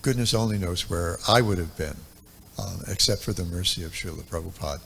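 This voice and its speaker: A man's voice: sits low, brisk, creaky, a bit bright, slight background noise. A man in his seventies giving a devotional talk at a temple, telling stories from memory in a reflective way with many ums and uhs. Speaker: temple speaker. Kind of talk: reminiscing devotional lecture.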